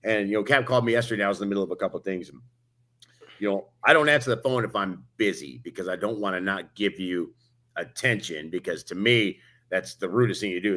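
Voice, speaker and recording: A man talks fast and with energy, co-hosting a motivational podcast. He tells stories and acts out each part of the dialogue himself. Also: mid-range voice. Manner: energetic storyteller acting out quoted dialogue. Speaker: podcast co-host. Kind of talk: motivational casual chat. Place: Las Vegas hotel.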